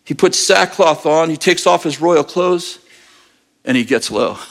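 Dude preaching, tells the story super animated, does all the voices. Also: male voice, on the high side, unhurried, gravelly. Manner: animated storyteller, acting out characters. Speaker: pastor. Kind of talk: sermon.

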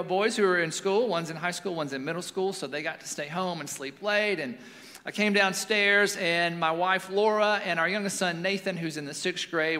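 A man in his forties, a pastor giving a sermon in a relaxed, storytelling way with casual fillers. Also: fairly high pitch. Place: church sanctuary. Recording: long reverb of a large hall.

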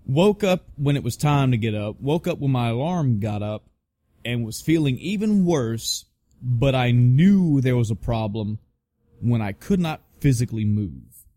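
A man's voice: mid-range voice, lively intonation, a little slow, dark tone, no echo, studio quality. A man casually telling a personal story, swearing freely and restarting his sentences often. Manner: profane, rambling with frequent restarts. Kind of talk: casual spoken anecdote.

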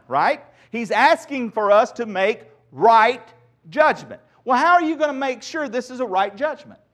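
A man pastor preaching a sermon, animated, with sarcastic asides and swings from loud to soft. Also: high-pitched.

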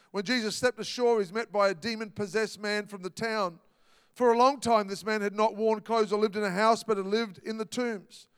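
A man preaching a sermon, animated and dramatic. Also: high-pitched, smooth, no echo, clean studio sound, big-room sound. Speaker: pastor.

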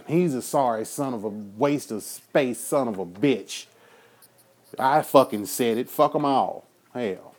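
A man, hosting a show, ranting in a loud, profane way, laughing now and then. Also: mid-range voice. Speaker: podcast host. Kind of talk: profane political rant.

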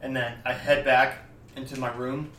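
A young man in casual chat, telling a rambling, deadpan step-by-step story full of fillers. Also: medium pitch, normal speed, slight background noise. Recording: roomy, distant mic with faint ambience.

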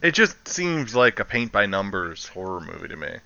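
An ill man co-hosting a podcast, giving dry, unimpressed remarks. His voice is bright and sits close to a dry mic. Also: lowish voice, very animated, moderate pace, gravelly, no room sound, highs cut off. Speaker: podcast co-host. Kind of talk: casual podcast chat.

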